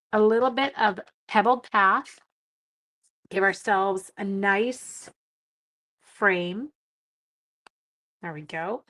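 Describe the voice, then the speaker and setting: A woman's voice: fairly high pitch, fairly bright tone, poor audio. A middle-aged woman, hosting a card-making livestream and chatting with viewers while telling a rambling story. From Canada. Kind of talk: casual chat while crafting.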